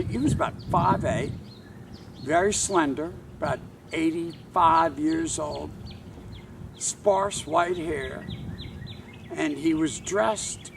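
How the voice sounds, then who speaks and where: An older man, a tour guide and author, telling a wry, measured anecdote to camera outdoors. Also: high-pitched, vocal fry, far from the mic, a little hiss or hum. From Charleston, South Carolina.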